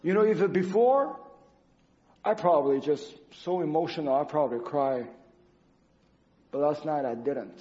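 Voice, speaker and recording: High-voiced man giving a halting testimony. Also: lively intonation, warm tone. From Canada. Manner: earnest, halting, non-native phrasing with restarts. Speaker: church speaker. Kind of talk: personal testimony sermon. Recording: dull lo-fi sound.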